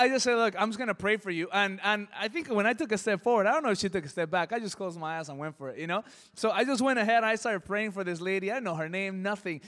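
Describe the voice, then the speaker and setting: A pastor telling a personal story in a sermon, lively, acting out the voices in it. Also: male voice, sits high, long reverb tail. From Southern California. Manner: animated, acts out voices in his stories. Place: church hall.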